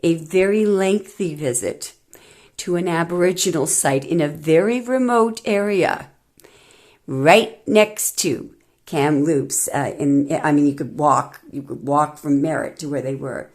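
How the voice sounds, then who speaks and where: A woman's voice: sits low, a little slow, a little mellow. A woman tarot reader delivering an emphatic, indignant monologue with many rambling restarts.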